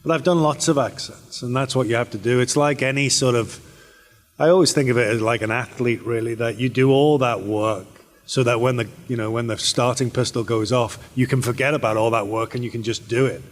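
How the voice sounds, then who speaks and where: A man's voice: medium pitch, brisk. A British man answers fan questions at a convention panel, loose and rambling, often restarting his sentences. His voice sits in the middle range. The sound carries the long reverb of a large convention hall. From Britain. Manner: relaxed, rambling, with many fillers and restarts. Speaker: actor and panel guest.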